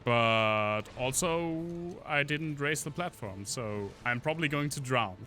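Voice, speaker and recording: A man's voice: medium pitch, a little slow, bright, forceful tone, slight background noise. A man casually commenting on a game stream, joking and chatting with his viewers while he plays. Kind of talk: casual gameplay commentary to chat.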